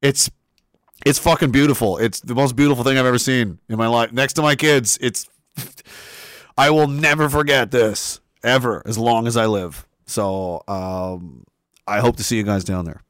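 A man talking on a casual livestream, excitable and profane, laughing often and restarting his sentences. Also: medium pitch, normal speed, no echo, clean studio sound. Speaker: streamer.

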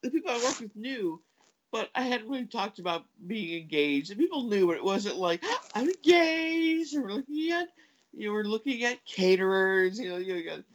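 A woman telling a long personal story in casual chat, hesitant and full of fillers and restarts, jumping up in pitch when she acts out what others said. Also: animated, fairly quick, muffled recording. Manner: acts out quoted voices with big pitch jumps.

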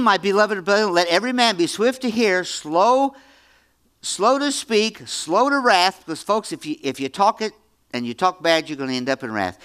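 A man in his seventies preaching a Bible-teaching sermon, emphatic, repeating phrases and swinging between loud and hushed. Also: sits high. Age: 70s.

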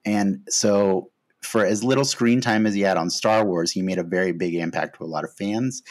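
A man hosting a podcast in casual chat, relaxed and hesitant, with frequent fillers. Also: lowish voice. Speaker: podcast host.

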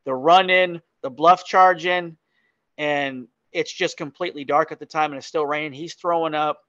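A man telling a story as a podcast guest in casual, animated chat, often laughing. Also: on the high side, normal speed, no room sound, dull audio.

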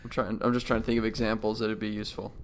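A man's voice: on the low side, little pitch movement, racing. A man co-hosting a podcast, musing aloud in a hesitant, searching way, with frequent restarts. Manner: hesitant, thinks aloud with many likes and restarts. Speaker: podcast co-host. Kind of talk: casual chat.

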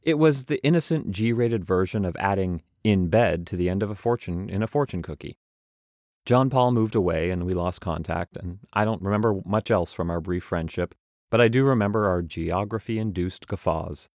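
Low-voiced wry young man narrating. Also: moderate pace, a little mellow, dry recording, studio quality. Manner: wry, self-mocking. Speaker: travel podcast narrator. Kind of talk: reading a travel journal aloud.

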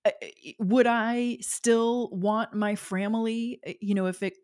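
A woman's voice: on the high side, steady tone, measured pace, a little mellow. A woman in her forties telling personal stories as an interview guest, chatty with many fillers and frequent laughter. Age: 40s. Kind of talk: casual storytelling interview.

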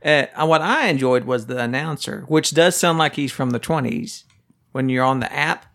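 A man's voice: medium pitch, moderate pace, gravelly, a bit bright. A man hosting a board game podcast in casual chat, teasing and playful.

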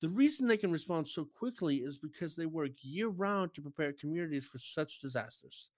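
A man co-hosts a gaming podcast, reading news aloud with animated delivery. His voice sits a little high and swings widely in pitch. The sound is dry and close, with no room echo. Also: brisk. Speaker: podcast co-host.

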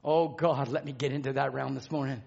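A man preaching a fervent revival sermon, dropping to a hushed murmur and rising to ringing shouts. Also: medium pitch, steady tone, fairly quick, gravelly. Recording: dull lo-fi tape recording.

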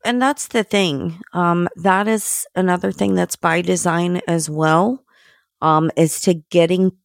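Brief: woman co-host, slow and gravelly, halting delivery full of fillers, dry close sound. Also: fairly low pitch, fairly even intonation, no room sound. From United States. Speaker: podcast co-host. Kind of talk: casual political chat.

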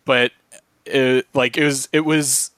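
A man chatting casually on a podcast, telling stories in a relaxed way with casual swearing. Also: medium pitch, slow pace, clear, resonant tone, no echo. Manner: relaxed, laid-back storytelling with swearing. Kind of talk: casual chat.

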